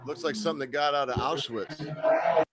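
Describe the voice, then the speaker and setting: A man's voice: fairly high pitch, moderate pace, over a noisy crowd. A man co-hosting a casual podcast, bantering in a crude, mocking, joking way. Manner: profane, mocking, jokey.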